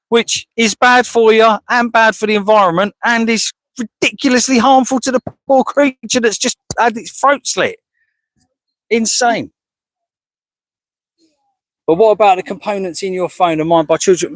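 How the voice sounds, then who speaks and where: A high, slightly bright male voice at a moderate pace belongs to an English animal rights activist outdoors by a slaughterhouse. He gives a heated, confrontational monologue, rhetorical and combative, throwing out questions and calling people "mate." The low-quality recording has no echo.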